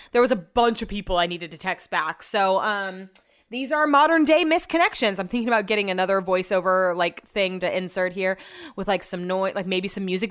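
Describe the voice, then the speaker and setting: A woman's voice: mid-range voice, a bit bright. A young woman hosting her own podcast, telling rambling, self-deprecating stories in a casual chat. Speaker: podcast host. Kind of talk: casual solo podcast monologue.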